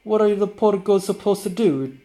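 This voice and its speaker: A man's voice: high voice, normal speed, mellow, voice pushed up, natural voice. A man voicing a drunk, boastful village man who jeers and talks big, reading game dialogue aloud. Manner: brash, jeering, raised voice.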